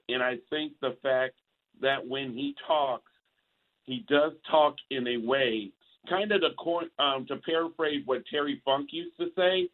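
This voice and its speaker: A male caller phoning in to a talk show, rambling and slow. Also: a little high. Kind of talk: phone-in commentary. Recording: tinny phone line.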